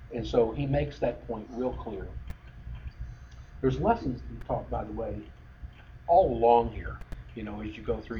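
A man's voice: mid-range voice, a little mellow. A middle-aged man preaching a sermon in a conversational way, full of fillers and restarts. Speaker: pastor. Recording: dull lo-fi sound with faint noise.

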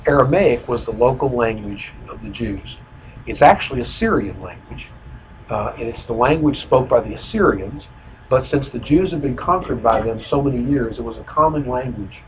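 A man teaching a Bible study in a conversational way, often pausing to explain and correcting himself with fillers. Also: medium pitch, lively intonation, slight background noise, poor audio. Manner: self-correcting with frequent fillers.

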